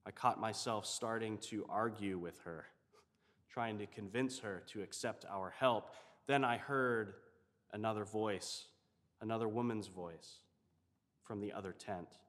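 A man's voice: on the low side, a little slow, a bit bright, big-room sound. Reflective male chaplain telling a story. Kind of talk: storytelling sermon.

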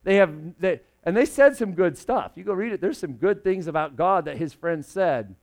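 Animated young male preacher, raised voice. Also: high voice, moderate pace. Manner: animated, swings from loud emphasis to hushed. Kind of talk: sermon.

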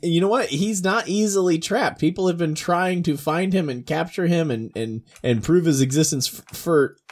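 A man co-hosting a casual podcast, playful and quick to laugh, often tripping over his words. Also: on the high side, a little mellow. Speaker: podcast co-host. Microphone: home podcast mic held back from the face.

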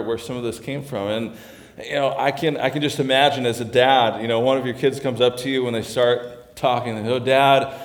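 Earnest pastor preaching in an echoey room. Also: male voice, mid-range voice. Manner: earnest, repeats and restarts phrases. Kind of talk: sermon. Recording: roomy echo.

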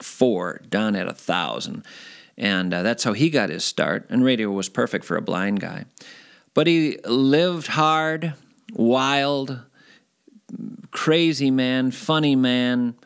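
A middle-aged man from Minnesota telling stories from his past in a casual interview, animated and climbing high when he gets excited. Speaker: guest storyteller.

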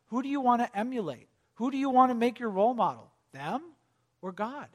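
A man preaching a sermon who asks his congregation question after question and swings between loud urgent appeals and hushed, almost whispered lines. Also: sits high. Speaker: pastor.

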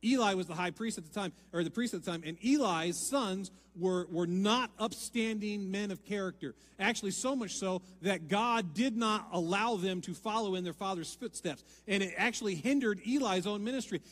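A man pastor preaching a sermon, swinging from hushed lines to loud, emphatic appeals. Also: high voice, normal speed, hardly any pauses, long reverb tail. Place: church sanctuary.

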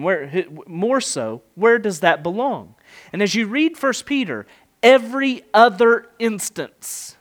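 Brief: middle-aged male preacher, rather high voice, emphatic, rhetorical, verse-by-verse sermon. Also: fairly bright tone. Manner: emphatic, rising and falling delivery with rhetorical questions. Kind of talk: expository sermon.

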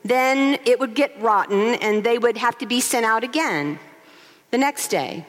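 High, lively woman preaching in a hall. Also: unhurried. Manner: expressive storytelling with rhetorical questions. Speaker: co-pastor. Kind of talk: sermon. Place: large church sanctuary. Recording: long hall reverb.

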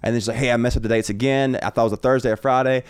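A man's voice: mid-range voice, steady tone, clean tone, no echo, clean studio sound. A man guesting on a casual podcast, telling rambling anecdotes with lots of swearing. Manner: rapid, rambling anecdotes with frequent profanity. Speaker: guest comedian. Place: home podcast room.

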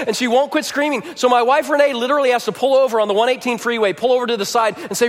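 High-voiced pastor in a reverberant hall. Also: male voice, fairly even intonation, very fast, hardly any pauses. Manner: storytelling, voice dropping quiet for somber moments. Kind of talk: sermon.

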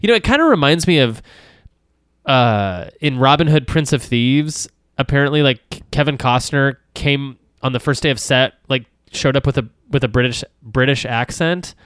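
A podcast co-host chats loosely about films, his smooth, clear, middling-pitched voice animated and fairly bright at a normal speed. He rambles with many fillers, trails off and restarts, laughs often and swears casually. The sound is dry and close with no room echo.

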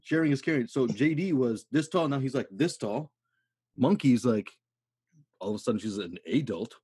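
A man's voice: medium pitch, lively intonation, moderate pace, mellow, breathy edge, no room sound, clean studio sound. A man in his thirties hosting a podcast, telling casual stories in a laid-back way, full of swearing and "dude". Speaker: podcast host. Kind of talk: casual chat.

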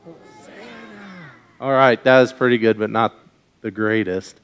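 A man's voice: on the low side, fairly even intonation, normal speed, smooth, muffled recording. A man giving a children's message in church, asking the kids questions and leading them in call-and-response on a mic. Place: church sanctuary with congregation. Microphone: wears a mic.

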